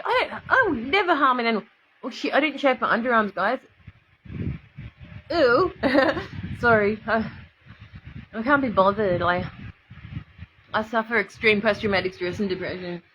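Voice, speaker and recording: A woman's voice: a little high, expressive, measured pace, pauses often, fairly bright tone, slight background noise, rough recording. An Australian woman rambling to her viewers on a livestream, emotional and swearing freely, answering commenters as she goes. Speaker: vlogger addressing viewers.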